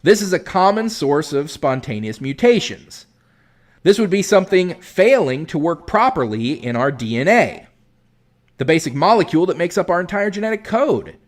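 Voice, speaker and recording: Male commentary host, exasperated and lecturing, lively pitch. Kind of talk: critical commentary on a clip.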